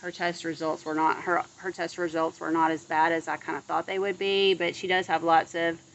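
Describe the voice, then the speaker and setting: A woman's voice: on the low side, little pitch movement, fairly quick, a little hiss or hum, rough recording. A woman vlogging in a casual chat outdoors in her yard, rambling along with frequent restarts and asides. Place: outdoors in a yard near bird feeders.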